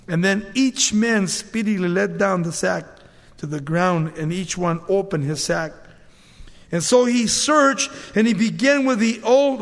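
A man preaching a sermon, retelling a scripture story with lively, casual asides. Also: high-pitched. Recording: long reverb.

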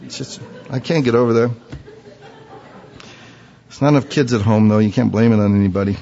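A man preaching a sermon in a conversational, animated storytelling manner with frequent asides. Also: medium pitch, brisk, creaky. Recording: dull recording in a reverberant hall.

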